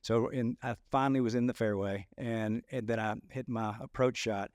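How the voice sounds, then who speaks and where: A man co-hosting a podcast, telling a story in a halting way, repeating words and laughing as he goes. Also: mid-range voice, steady tone, a little mellow, dry recording, studio quality. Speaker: podcast co-host. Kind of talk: casual storytelling chat.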